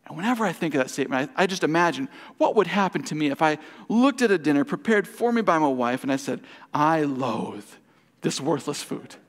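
A man preaches at a Bible study. He reads a passage aloud, then unpacks it with questions to the room. His voice sits a little high and has a gravelly fry, carried by the long echo of a church hall. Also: animated, fast, hardly any pauses. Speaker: pastor. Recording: hall reverb.

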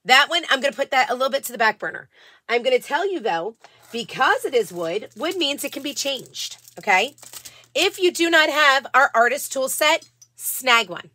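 A woman hosting a casual live craft stream, chatting warmly with viewers and often restarting her sentences. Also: sits high, animated, moderate pace. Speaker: live-selling craft host.

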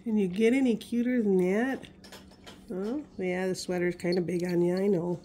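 A woman's voice: medium pitch, steady tone, moderate pace, mellow, slight background noise. A woman vlogging as a pet owner, chatting casually to her puppy in gushing baby talk.

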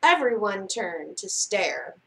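A woman reading a children's picture book aloud at library storytime, expressive and dropping softer for suspense. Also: medium pitch, takes it slowly, creaky. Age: adult.

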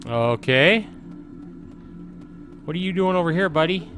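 A man's voice: a little high, animated, measured pace, fairly bright tone, faint music behind. A middle-aged man giving casual let's-play commentary at home, chatty and reading game prompts aloud. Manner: chatty, reads on-screen game text aloud. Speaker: gaming channel host.

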